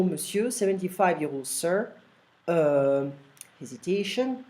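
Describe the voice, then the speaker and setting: A woman's voice: fairly low pitch, animated, moderate pace, dark tone. A woman teaching an online French lesson. She explains step by step and repeats phrases, using fillers.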